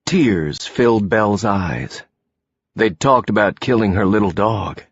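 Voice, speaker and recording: Slow, husky male audiobook narrator. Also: lowish voice, lively intonation, dry recording. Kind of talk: scripted narration. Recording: dull, dry, lo-fi audio.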